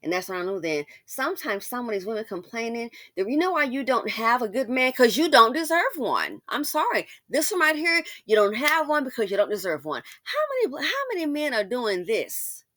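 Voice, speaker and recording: A woman's voice: on the high side, big pitch swings, a little fast, few pauses, a bit bright, no room sound, clean studio sound. A woman hosting a casual commentary, talking straight to her listener in a sassy, outspoken way. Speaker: commentary channel host.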